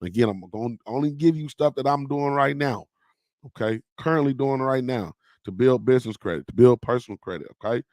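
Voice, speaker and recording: A man's voice: mid-range voice, fairly quick, a little mellow, dry recording, studio quality. A man hosting a casual livestream, chatting loosely with his viewers and peppering his talk with "man" and "y'all". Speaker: podcast host on a livestream.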